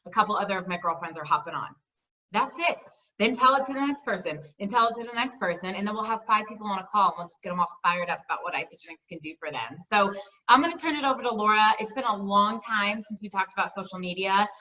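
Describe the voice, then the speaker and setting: Woman team leader on a call, upbeat and chatty, bright voice, slightly far and dull audio. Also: medium pitch, animated, quick pace. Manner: enthusiastic, chatty, peppered with "like" and "right?".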